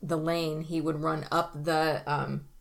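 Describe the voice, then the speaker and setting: A woman hosting a casual family podcast as a mother. She gently prompts her child with leading questions. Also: sits low, level tone, takes it slowly, creaky.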